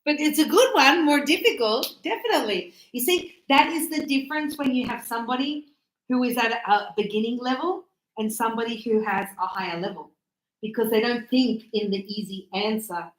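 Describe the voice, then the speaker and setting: A woman teaching English grammar to a class, stretching out words slowly and checking in with "yes?" and "right?". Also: fairly high pitch, roomy sound, poor audio. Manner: encouraging, checks understanding with tag questions; slow, drawn-out words for teaching.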